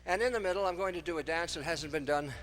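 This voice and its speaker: A man's voice: on the high side, quick pace, fairly bright tone, faint music behind. An older man doing breathless, self-mocking stage patter between dance numbers in front of a live audience. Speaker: song-and-dance entertainer.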